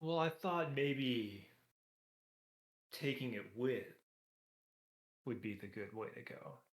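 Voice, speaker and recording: Hesitant, measured male player. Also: mid-range voice, expressive. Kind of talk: in-character tabletop play.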